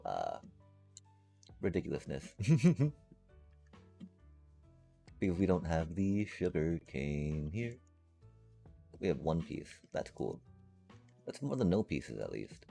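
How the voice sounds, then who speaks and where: A man's voice: extremely low pitch, gravelly, dark tone, husky. A man streaming a game live, chatting casually and playfully to his viewers in a rambling way. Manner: rambling and playful, addresses chat.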